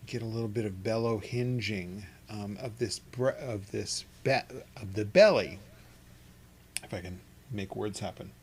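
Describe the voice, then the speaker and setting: A man leading a meditation and chanting class from his home studio, talking in a relaxed, rambling way with soft laughs and restarts. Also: fairly low pitch, measured pace, slight background noise. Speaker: meditation teacher. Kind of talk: guided chanting instruction. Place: home studio with an open window.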